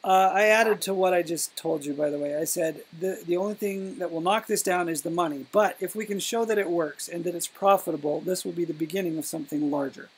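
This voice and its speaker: A man's voice: high-pitched, brisk, few pauses, breathy edge. A man co-hosting a casual live question-and-answer session, reading questions and thinking aloud with frequent hesitations. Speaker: co-host answering viewer questions.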